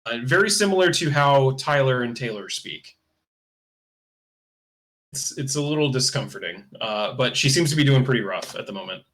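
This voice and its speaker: A man's voice: mid-range voice, lively intonation, moderate pace, fairly bright tone. A man narrating a tabletop game as game master, in a casual, loose style with fillers like "kinda" and "uh".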